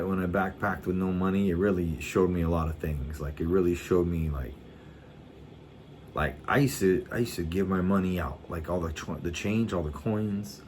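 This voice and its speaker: A man's voice: low voice, darkish tone, slight background noise. A middle-aged man telling rambling stories in casual chat, swearing freely and often restarting his sentences. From United States. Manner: laid-back rambling storytelling, swears a lot, often restarts. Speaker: vlogger.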